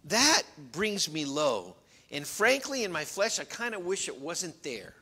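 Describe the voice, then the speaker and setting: A middle-aged man preaching a sermon as pastor, earnest, shifting between loud emphasis and quiet, confiding storytelling. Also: high-pitched, sing-song, unhurried, breathy edge. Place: church.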